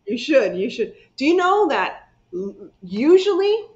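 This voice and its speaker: A woman's voice: high voice, very animated, a little slow, a little mellow. A woman hosting a casual craft livestream, chatting and repeating herself as she reads viewer comments aloud. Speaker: craft channel host. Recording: muffled lo-fi stream audio.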